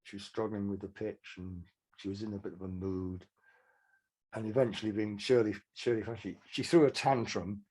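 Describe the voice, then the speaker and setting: An older songwriter from Manchester, England, tells frank, rambling anecdotes as a guest in a casual interview. His voice is fairly low, steady, warm, and husky, and he speaks at a normal speed.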